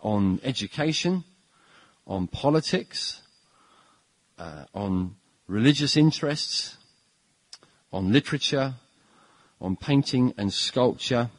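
A middle-aged man preaching a conversational sermon, emphatic and animated, with frequent hesitations. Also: medium pitch, slow, pauses often, dry recording, low-quality recording.

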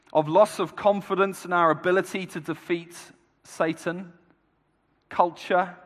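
High-voiced man preaching in an echoey hall. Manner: declamatory, building to loud exhortation. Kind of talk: rousing sermon. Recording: long hall reverb.

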